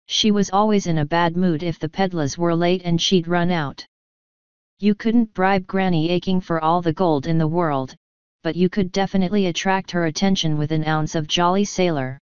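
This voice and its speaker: Woman narrator, audiobook, clear voice on a dull lo-fi recording. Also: lowish voice, fairly even intonation, moderate pace, dry recording.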